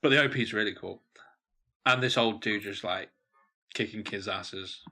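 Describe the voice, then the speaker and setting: A young man co-hosting a casual chat, recapping stories in a lively way. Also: on the low side, moderate pace. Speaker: co-host. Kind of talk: casual chat reviewing shows.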